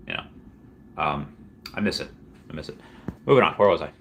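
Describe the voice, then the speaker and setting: Deep-voiced rambling male streamer. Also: brisk, vocal fry, long pauses, slight background noise. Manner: rambling, with many restarts and sudden excited jumps in pitch. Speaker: livestream host answering viewer questions. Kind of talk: casual livestream Q&A.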